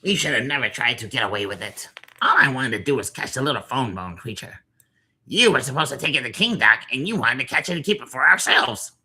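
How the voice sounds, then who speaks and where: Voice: medium pitch, lively intonation, brisk, sharp tone, husky, heavily acted. An actor voicing squabbling, cowardly rat creatures in a video game, whiny and bickering. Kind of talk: video game character dialogue.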